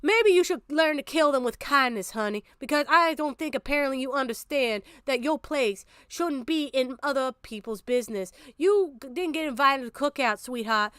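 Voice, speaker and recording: A woman's voice: high-pitched, expressive, moderate pace, few pauses, a bit bright, clear, resonant tone, no room sound, clean studio sound. A woman putting on a preachy mock-Southern church lady. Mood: sugary scolding. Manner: sweetly condescending, preachy.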